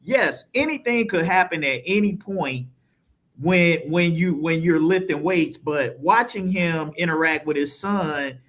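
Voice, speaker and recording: A man's voice: fairly high pitch, unhurried, a bit bright. A man co-hosting a casual panel debate, building his argument step by step. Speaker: co-host.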